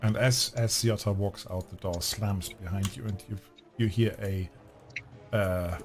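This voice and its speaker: A man running a tabletop game as game master, relaxed and rambling with fillers. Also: fairly low pitch, measured pace, soft background music.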